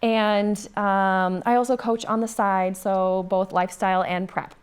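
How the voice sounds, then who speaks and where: A woman with a Minnesota accent talks earnestly in a casual podcast chat. Her voice sits at a middle pitch, and she often restarts with ums as she explains coaching. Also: level tone, unhurried, clear, resonant tone. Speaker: guest, bodybuilder and coach.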